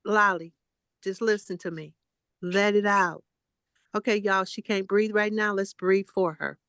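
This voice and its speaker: A woman talks a friend through slow breaths, coaxing and affectionate, calling her honey and baby. Her voice sits close and dry, with almost no room sound around it. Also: mid-range voice, steady tone, dry recording. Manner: warm, coaxing, calls people honey and baby. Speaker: co-host. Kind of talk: supportive group talk, coaching breathing.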